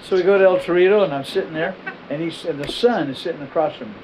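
Middle-aged man, pastor, storytelling sermon; slightly high voice, animated, repeats himself mid-phrase. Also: fast talker, background noise.

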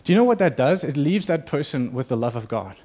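A man's voice: medium pitch, very animated, fast talker, mellow. A man preaching a sermon to his church in an earnest, conversational way, acting out quotes as he goes. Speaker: pastor.

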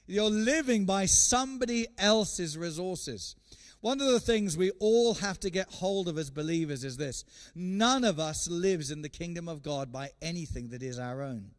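A man preaching a sermon as an evangelist guest speaker, telling a story in an animated way and often repeating words. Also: a little high, normal speed. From England.

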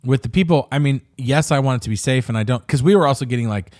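A man in casual conversation, talking animatedly with frequent swearing and quick mock voices. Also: mid-range voice, a little mellow. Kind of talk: casual chat.

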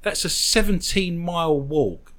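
A man's voice: on the high side, measured pace, a bit bright. A man hosting a comedy podcast, reading odd news stories aloud and riffing on them with jokes. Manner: jokey, riffing on absurd details. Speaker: podcast host.

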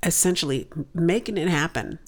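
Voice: mid-range voice, animated, moderate pace. A speaker teaching through a Bible passage in conversation, emphatic and dramatic when quoting scripture.

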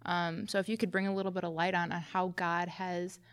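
A woman interviewer leads a guest with gentle questions. Her voice is smooth and lowish, and her delivery stays even and flat. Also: a little fast. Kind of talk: church interview.

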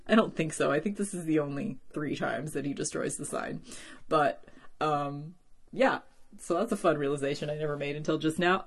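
Chatty low-voiced woman recapping TV. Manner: chatty, many "like" and "um" fillers, animated asides. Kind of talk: casual TV episode recap.

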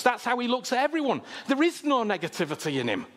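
Male preacher, fairly high voice, impassioned sermon, repeats himself, rhetorical questions. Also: huge pitch swings, quick pace, a bit bright.

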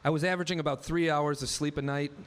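This live storyteller, a man in his thirties, recounts his own experience on stage with wry, vivid flair, acting out the conversations. His voice is a little high and steady, and he talks fast.

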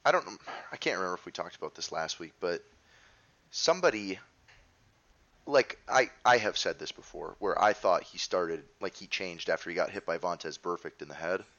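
Deep voiced podcast guy cracking dry jokes, kinda dull muffled audio. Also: animated, moderate pace, fairly bright tone. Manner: wry, joking, profane. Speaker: podcast host. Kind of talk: casual chat.

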